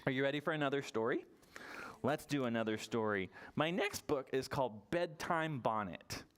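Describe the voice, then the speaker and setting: Man, children's librarian, toddler story time, sing-song, playful, coaxing questions, mid pitch. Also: lively intonation, normal speed.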